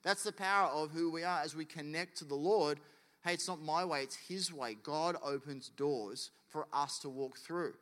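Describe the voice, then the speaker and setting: A man's voice: fairly high pitch, normal speed, fairly bright tone, big-room sound. A man preaching a sermon as pastor, in a casual, conversational way that acts out quotes.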